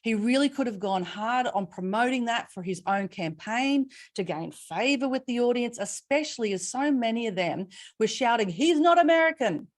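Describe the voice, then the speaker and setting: A middle-aged Australian woman giving a webinar keynote, telling stories with expressive emphasis and asking rhetorical questions. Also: a little high, moderate pace, hardly any pauses. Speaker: keynote speaker.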